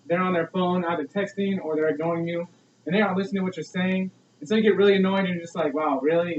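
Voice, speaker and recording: A man's voice: sits high, slight background noise. A young man giving an earnest, preachy persuasive speech full of rhetorical questions. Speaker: student speaker. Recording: echoey, distant, dull lo-fi.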